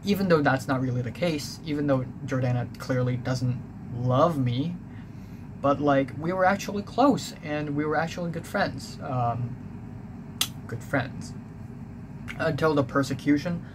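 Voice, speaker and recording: A man's voice: a little high, unhurried. A young man telling a personal story in a rambling, confessional way, full of fillers and restarts. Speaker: vlogger. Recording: clear background noise.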